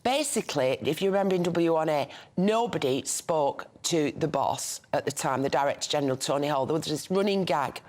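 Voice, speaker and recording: A woman's voice: low voice, lively intonation, brisk, few pauses, darkish tone. An older woman with a Northern English accent, chatting as a newspaper review guest and telling anecdotes in a chatty way. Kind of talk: casual studio chat.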